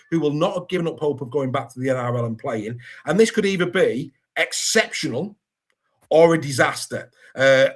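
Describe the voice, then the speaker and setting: A man hosting a sports podcast in casual chat, lively and good-humoured as he stumbles over hard names. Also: medium pitch. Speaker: podcast host.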